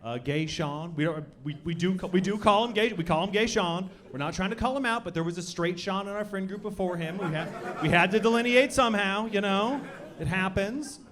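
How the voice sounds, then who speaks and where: A young man doing a stand-up comedy set, with deadpan delivery that breaks into loud shouted bits. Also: sits high, a little fast. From Colorado. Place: comedy club stage. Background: audience laughter.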